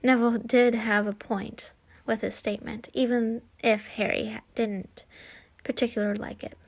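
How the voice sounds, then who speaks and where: Woman, fan fiction reader, slightly high voice, halting delivery with restarts. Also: level tone, gravelly. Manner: halting, frequent slips and restarts. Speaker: fanfiction reader. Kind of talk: reading fan fiction aloud.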